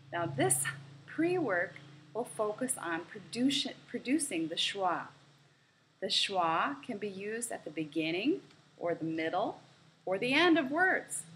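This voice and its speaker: A woman speaking slowly and precisely as she leads a pronunciation lesson. She over-enunciates each practice word and repeats it several times for learners. Her pitch sits in a middle range, with a faint hiss behind her. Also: a bit bright, poor audio. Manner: slow, careful over-enunciation, repeating words for drill. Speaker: pronunciation teacher. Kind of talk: instructional lesson narration.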